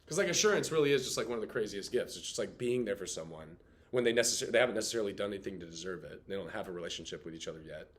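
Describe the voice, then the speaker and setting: A man in his late twenties teaching a class in a casual, animated way, full of fillers. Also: fairly low pitch, rapid-fire. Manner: animated, chatty, heavy on filler "like". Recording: roomy classroom echo.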